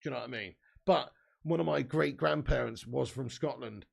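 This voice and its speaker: Gravelly English man hosting a watch-along stream. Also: medium pitch, fairly quick. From England. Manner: banter-heavy, laughs often, reads comments aloud. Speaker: live stream host. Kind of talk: casual football watch-along chat reading live chat.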